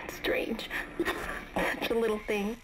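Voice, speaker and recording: A sorrowful woman whispering an apology on video; whispered role-play, soft and slow. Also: on the high side, monotone, poor audio. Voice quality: whispery, breathy. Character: distraught woman in a recorded video message.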